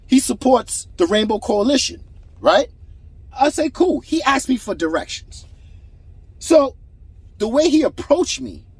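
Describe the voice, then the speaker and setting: A man with a high-pitched, swooping voice and a slightly husky edge holds forth in a blunt, profane monologue. He rambles through his opinions in casual talk and acts out the people he quotes. The sound is dry and close. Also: no room sound.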